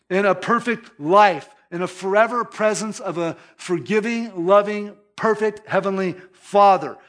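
High-voiced animated preaching man. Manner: animated, conversational preaching with chuckles. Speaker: pastor. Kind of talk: sermon.

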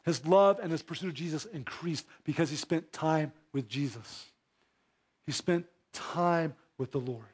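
A man preaching a sermon as pastor, dropping to hushed low asides and rising into emphatic exhortation, with rhetorical questions to the congregation. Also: unhurried, husky.

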